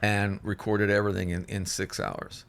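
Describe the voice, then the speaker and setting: Male musician guest, low-pitched, rambling storyteller who restarts a lot and acts out quotes. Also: little pitch movement, normal speed, gravelly, clear, resonant tone. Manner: rambling, with many restarts and fillers; acts out other people's lines in shifted voices. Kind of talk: casual storytelling.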